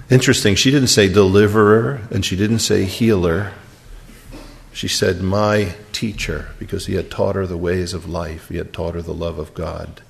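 A man preaching a sermon and retelling a scripture story, dropping to a hush and then rising to emphatic peaks. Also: sits low, creaky, a little hiss or hum. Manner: storytelling, wide swings from hushed to emphatic.

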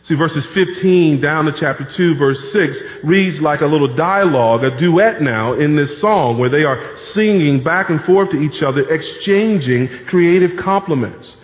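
Male pastor, fairly high voice, chatty preaching with lots of repetition, long church reverb, dull lo-fi recording. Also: unhurried, few pauses. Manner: conversational preaching, repeats key phrases for emphasis. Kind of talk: sermon. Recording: reverberant hall, dull lo-fi sound.

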